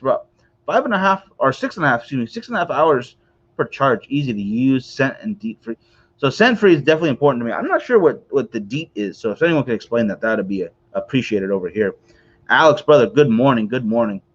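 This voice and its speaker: A man's voice: mid-range voice, fairly bright tone, lo-fi sound. Rambling man hosting a cigar stream. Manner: rambling, chatty, many fillers and asides to viewers. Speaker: host of a cigar morning show. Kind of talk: casual livestream chat.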